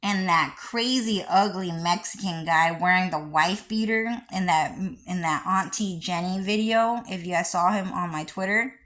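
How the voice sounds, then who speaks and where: A woman vlogging in a rambling, profane monologue, repeating herself and swinging between low mutters and shrill high outbursts. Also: measured pace, few pauses, fairly bright tone.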